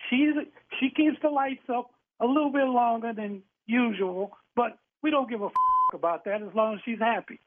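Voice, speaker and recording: A man's voice: very high-pitched, normal speed. A man on the phone who argues defiantly, swears and laughs scornfully. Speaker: prank call target. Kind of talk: heated phone argument. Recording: tinny phone line.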